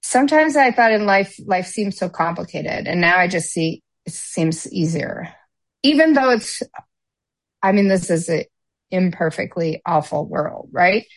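A woman's voice: on the low side, lively intonation, unhurried, no room sound. A woman in casual conversation, rambling with many fillers and restarts. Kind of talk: casual chat.

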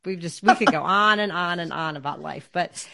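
A woman co-hosting a podcast, chatting casually in a soft, rambling way and laughing often. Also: fairly low pitch, normal speed, gravelly. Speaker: podcast co-host and author.

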